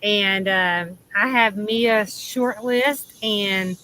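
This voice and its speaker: A Southern woman with a bright, lively tone, chatting casually as a livestream host. She laughs easily and trails off with ums between thoughts. A faint hum of outdoor ambience sits behind her, as she talks in the shade under an awning. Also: mid-range voice, very slow, rough recording.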